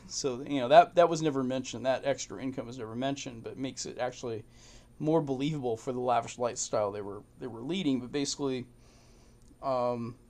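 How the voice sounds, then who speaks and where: Halting, chuckling man thinking aloud. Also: mid-range voice, darkish tone. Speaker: channel host. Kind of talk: casual commentary while reading old documents.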